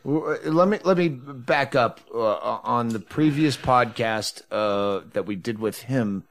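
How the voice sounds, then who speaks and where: A man's voice: mid-range voice, a little slow. A man hosting a podcast in casual chat at home, blunt and profane. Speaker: podcast host.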